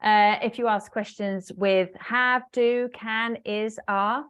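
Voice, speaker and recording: A woman business English trainer giving an online webinar, explaining step by step with frequent fillers and pauses. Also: mid-range voice, fairly even intonation, fairly bright tone, clear, resonant tone. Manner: hesitant fillers, explanatory, talks to a live audience.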